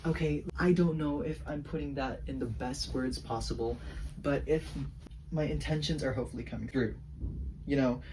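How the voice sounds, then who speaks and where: A man's voice: a little high, a little mellow, distant mic, slight background noise. A teenage boy venting in a casual rambling vlog, saying "like" constantly. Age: teens. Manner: rambling, heavy use of "like", venting. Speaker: vlogger.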